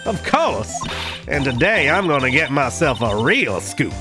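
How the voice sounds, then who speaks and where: A man voicing a brash country-girl woman photographer with a loud, pushy Southern accent. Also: mid-range voice, very animated, measured pace. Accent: American Southern. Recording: background music.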